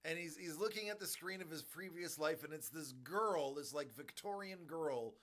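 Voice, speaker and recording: A man in his forties, a stream host, ranting in a rambling, animated way about a movie in casual chat. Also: on the high side, moderate pace.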